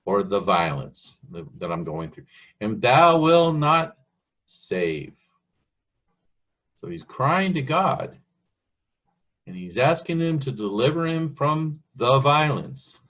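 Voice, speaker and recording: A man preaching a Bible sermon in a slow, earnest way, often asking the listener questions. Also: fairly low pitch, breathy edge.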